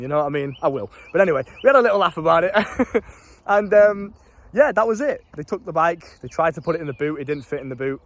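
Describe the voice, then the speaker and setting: A young British man who works as a life coach tells stories to the camera casually, swearing freely and using street slang. His voice is a little high and fairly bright, and he talks fast and animatedly. Brash, he laughs at his own stories.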